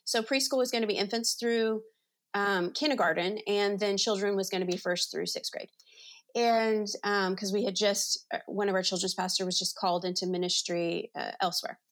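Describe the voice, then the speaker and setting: In a mid-range voice with fairly even intonation and a moderate pace, a woman in her forties gives a personal testimony in conversation. She's a ministry leader being interviewed, telling her faith story in an earnest, chatty way punctuated by many "you know"s.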